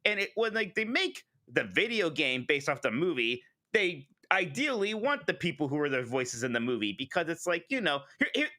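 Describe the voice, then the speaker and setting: A man co-hosting a podcast in casual chat, jokey and animated, often laughing mid-sentence. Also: a little high, normal speed, few pauses. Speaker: podcast co-host.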